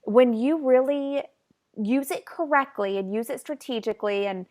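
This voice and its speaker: A woman's voice: on the high side, moderate pace, darkish tone. A woman hosting a podcast, upbeat and explaining practical tips to her listeners. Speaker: podcast host. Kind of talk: casual podcast interview.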